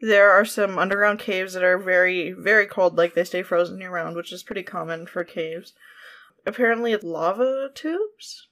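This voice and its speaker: A woman's voice: fairly low pitch, normal speed. Chatty young woman hosting a podcast. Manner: chatty and animated, laughs easily. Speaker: podcast host. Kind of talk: casual chat, reading a friend's ghost story aloud.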